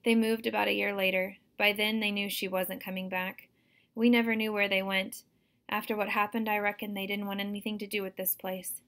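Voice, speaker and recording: A woman reading aloud, voicing an old country man who tells spooky tales in a slow, drawling way. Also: mid-range voice, flat delivery, a bit bright, natural voice.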